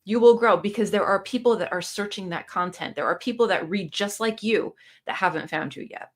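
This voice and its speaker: A woman with a mid-range voice speaks fairly quickly while hosting a casual booktube live stream shot on a phone camera. She reads out viewer comments and responds to them in an encouraging, coaching way.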